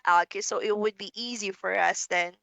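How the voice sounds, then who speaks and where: A young woman with a Filipino English accent teaching an online English lesson to a child, slow and encouraging, calling herself teacher. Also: mid-range voice, steady tone, vocal fry, a bit bright, dry recording.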